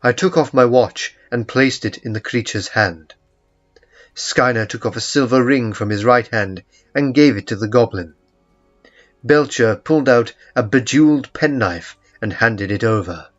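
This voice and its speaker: A man narrating a first-person story in a slow, measured storytelling manner. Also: medium pitch. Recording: muffled lo-fi recording with faint music.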